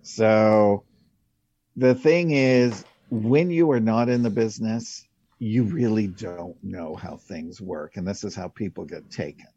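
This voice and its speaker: A man's voice: on the low side, takes it slowly, warm tone, husky, dry recording. A man in his sixties, a casting director telling rambling stories in a casual interview, with many fillers. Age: 60s. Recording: dull lo-fi, dry.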